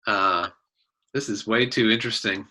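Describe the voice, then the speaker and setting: A man's voice: fairly low pitch, fairly even intonation, normal speed, sharp tone, slight background noise. Curious adventurer woman, as a man voices her. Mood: eager.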